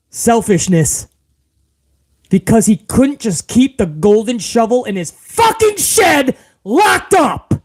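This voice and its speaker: A man's voice: high voice, mellow. A man hosting a casual live stream, reading out viewer comments and ranting with a lot of profanity, calling everyone bro.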